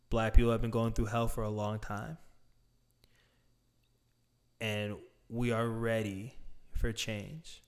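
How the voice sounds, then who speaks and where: Smooth-voiced man, earnest and deliberate. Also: medium pitch. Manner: deliberate, emphatic, with drawn-out stressed words. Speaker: speaker addressing viewers. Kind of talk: earnest direct-address monologue.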